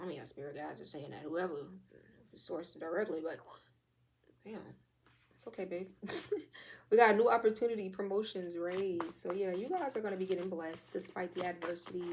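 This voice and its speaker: A young woman doing a casual tarot reading, loose and profane, with a slightly hoarse throat. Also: on the low side, a little hiss or hum. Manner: fast, loose and profane, with lively quoted asides. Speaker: tarot reader.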